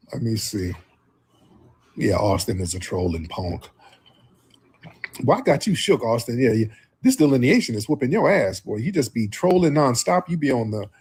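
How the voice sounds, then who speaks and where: A man's voice: medium pitch, a little mellow, husky. A man hosting a live stream, preaching at length and sparring with callers and trolls. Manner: preachy, combative, calls in viewers. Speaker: host.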